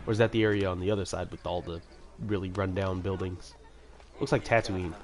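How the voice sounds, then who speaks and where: Here the gamer's voice is low and fairly even in intonation, with a fairly quick delivery. Video game music runs underneath his loose, meandering commentary and chatty digs at himself.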